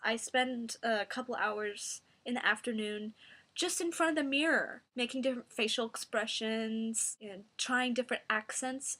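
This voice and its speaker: A woman giving a mock singing tutorial in a deadpan, rambling, self-serious way. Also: a little high.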